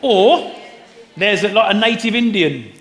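A man's voice: high-pitched, lively intonation, measured pace, fairly bright tone. A man preaching an Easter sermon, talking conversationally and putting questions to the congregation. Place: church hall. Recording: roomy hall echo.

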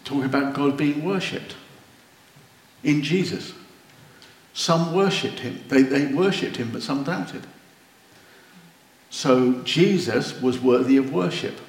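A man preaching a sermon, slow and earnest, rising to wondering exclamations. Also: medium pitch. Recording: roomy echo.

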